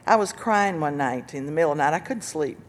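An older woman giving an earnest personal testimony about recovery and loss, telling her story with bursts of laughter and loud quoted lines. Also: low-pitched, animated, quick pace, a little hiss or hum. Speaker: speaker sharing recovery story.

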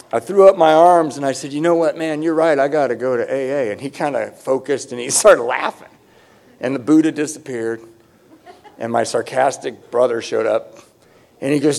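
A man's voice: on the high side, brisk, gravelly, a little mellow. Self-mocking man telling his story. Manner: conversational, self-mocking storytelling, sometimes raising voice for emphasis. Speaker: recovery speaker at a conference. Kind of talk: personal testimony talk.

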